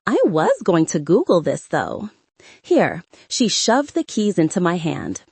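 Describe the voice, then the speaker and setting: Brief: woman audiobook narrator, wry and expressive, animated pitch, dry close studio sound. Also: unhurried, breathy edge, no room sound. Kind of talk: scripted first-person narration.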